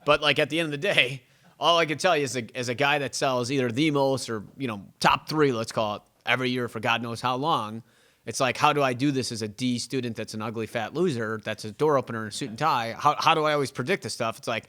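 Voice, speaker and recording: A man's voice: mid-range voice, fast. Rambling, self-mocking man. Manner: rambling, animated, self-mocking, acts out client dialogue. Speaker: real estate agent and podcast host. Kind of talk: casual podcast monologue.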